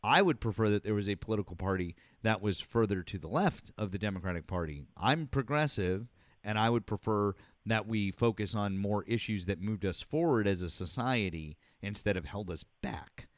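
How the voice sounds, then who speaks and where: A man's voice: fairly low pitch, animated, moderate pace, no room sound. A man hosting a political call-in show, cutting in and pressing his point with repeated restarts. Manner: insistent, cuts in, stammers. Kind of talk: call-in debate.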